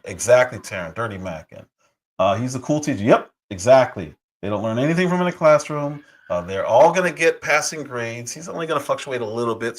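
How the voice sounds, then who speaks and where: A middle-aged man reacting to a clip on a livestream, sarcastic and indignant, with mocking asides. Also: medium pitch. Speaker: livestream commentator. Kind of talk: reaction commentary.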